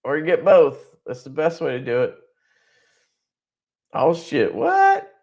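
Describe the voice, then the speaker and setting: A man's voice: a little high, wildly swooping pitch, slow, a little mellow, muffled recording. A man hosting a casual livestream who rambles loosely, swears freely and laughs often. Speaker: livestream host.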